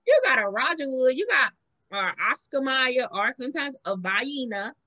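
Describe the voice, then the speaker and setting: Bright high-voiced Southern woman chatting. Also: measured pace. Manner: animated storytelling, acts out quotes with big pitch jumps. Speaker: podcast host. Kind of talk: casual chat.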